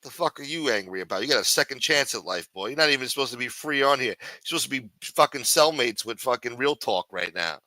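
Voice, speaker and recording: A man's voice: medium pitch, animated, quick pace, hardly any pauses, bright, forceful tone, no room sound. A man hosting a live stream, ranting and swearing constantly in an irritated, complaining way. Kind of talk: casual profane rant reacting to a stream.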